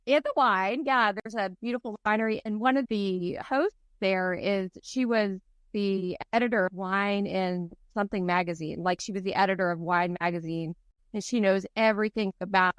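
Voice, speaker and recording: A woman hosting a podcast in casual chat, excitable and talkative, laughing often. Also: medium pitch, clear, resonant tone, no room sound. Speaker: podcast host.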